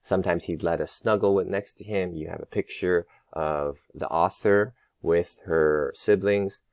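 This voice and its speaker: A male teacher walking students through their work in a patient, explanatory way, with many pauses and rhetorical questions to the class. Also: sits low, darkish tone, no echo. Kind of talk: recorded lesson walkthrough.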